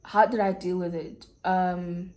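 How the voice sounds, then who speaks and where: A woman's voice: on the low side, flat delivery, slow pace, a little mellow. A young South African woman with a South African accent, frankly telling a personal story to her viewers in casual, slangy chat. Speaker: YouTuber.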